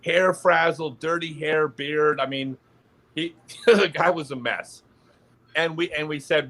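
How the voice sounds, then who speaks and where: A man's voice: a little high, unhurried. A man, a podcast guest, telling an anecdote in casual chat and laughing in the middle of his sentences. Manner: animated storyteller, laughs mid-sentence.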